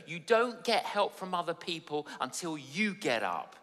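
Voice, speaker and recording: Male preacher for a sermon: emphatic, repeats lines, slow, lively pitch, bright tone, hall echo. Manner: emphatic, repeats phrases for effect. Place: church service.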